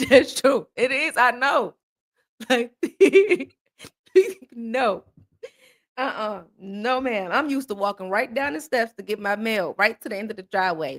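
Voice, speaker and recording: Animated jokey woman hosting. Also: mid-range voice, moderate pace. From US South. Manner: animated, jokey, swings into exaggerated disbelief. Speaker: host. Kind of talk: casual chat to viewers.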